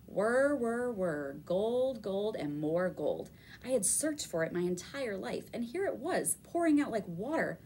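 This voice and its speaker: A woman reading a children's novel aloud with expressive storytelling. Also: medium pitch, measured pace, a little hiss or hum. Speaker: reader.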